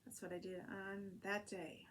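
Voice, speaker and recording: A woman talks through her week in a loose, rambling diary vlog, full of fillers and restarts. Her voice sits at a middle pitch for a woman. A faint background noise runs under the recording. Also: flat delivery, measured pace. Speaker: vlogger and online French teacher.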